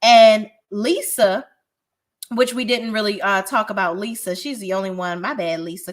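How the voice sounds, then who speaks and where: Speaking at medium pitch and a moderate pace, a woman who reviews reality TV delivers a casual recap that's blunt and laced with profanity. She repeatedly restarts her sentences along the way.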